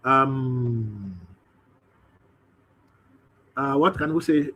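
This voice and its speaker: A man's voice: mid-range voice, extremely slow, pushed and bright, slight background noise. A man presents a webinar, thinking aloud through a live screen-share demo with hesitant fillers.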